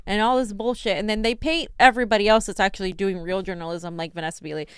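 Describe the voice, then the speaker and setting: A woman co-hosting a casual political talk show, sarcastic and quick to laugh, swearing freely. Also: medium pitch, fairly even intonation, clear, resonant tone, dry recording, clean studio sound. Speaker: co-host.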